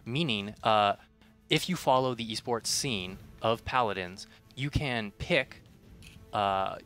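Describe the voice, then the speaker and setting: A man chats on a game livestream, joking and hesitating as he explains. His voice is bright and of middle pitch. Faint music plays behind him. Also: slow pace, smooth. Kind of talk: casual livestream chat.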